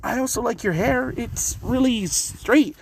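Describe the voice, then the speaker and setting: A man doing a bubbly, excitable young ninja boy. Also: extremely high pitch, measured pace, creaky, husky, voice pushed up, heavily acted. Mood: excited. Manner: excitable, gushing, loud bursts.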